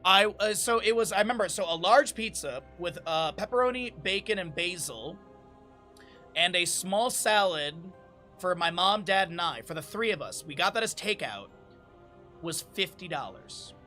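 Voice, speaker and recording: Chatty male streamer, high bright voice, quick laughs, faint music behind. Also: animated. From Lake Tahoe area, United States. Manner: chatty, laughs often, reads aloud from a menu. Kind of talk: casual chat with live chat.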